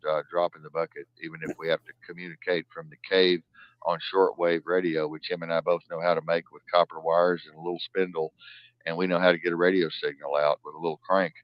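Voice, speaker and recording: A man hosting a live-stream news talk show, ranting in profane outbursts that swing from loud to low muttering. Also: flat delivery, brisk, dry recording. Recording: dull lo-fi dry sound.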